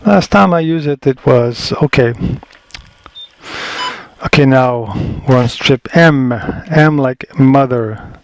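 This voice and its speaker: A man's voice: mid-range voice, slow pace, creaky, long pauses. A man giving a casual step-by-step tutorial, thinking aloud as he works, picked up by a camera microphone in a small indoor workspace. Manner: thinking aloud, frequent restarts and fillers. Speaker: color management instructor. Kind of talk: casual screen-recorded tutorial.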